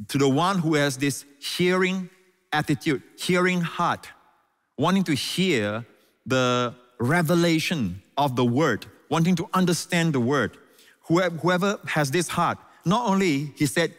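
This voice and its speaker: A man's voice: on the high side, animated, moderate pace, fairly bright tone. A man teaching scripture as a guest on a talk show, emphatic and fond of repeating key words, with frequent fillers. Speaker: pastor and guest.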